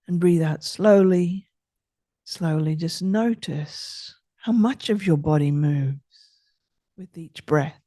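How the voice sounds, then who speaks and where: A middle-aged woman talks listeners through a calming breathing exercise, unhurried and soothing. Her voice sits a little low and moves very slowly, and the recording is dry with no room sound. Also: dry recording. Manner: slow, soothing, gentle instructions. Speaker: podcast host guiding breathing exercises. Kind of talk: calm guided breathing exercise.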